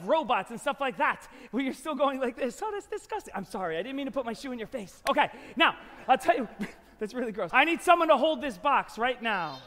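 A man performing a slapstick magic show for children, loud and excitable, shouting playfully to the audience from a concert hall stage. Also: very high voice. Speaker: family magician. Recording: long hall reverb.

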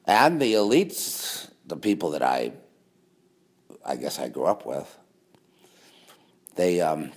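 A man's voice: rumbling low, sing-song, takes it slowly, long pauses. A man delivering a rambling monologue to camera, sarcastic, with mocking asides. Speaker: conspiracy video host.

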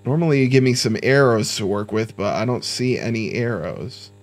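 A man's voice: fairly low pitch, expressive, moderate pace. A young man giving casual, joking let's-play commentary, talking to himself with sudden startled outbursts. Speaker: gaming YouTuber.

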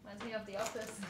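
A woman chatting casually through a card unboxing, giggling and squealing over cute cards. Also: medium pitch. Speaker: vlogger. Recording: echoey room, faint noise.

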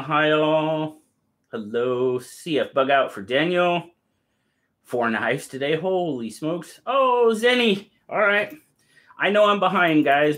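A man hosting a live stream, reading viewers' comments aloud and greeting each one by name. His voice sits a little high and swings up and down a lot as he talks. He keeps an upbeat, chatty tone throughout. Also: fairly bright tone. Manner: reads chat aloud in quick lists. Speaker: livestream host.

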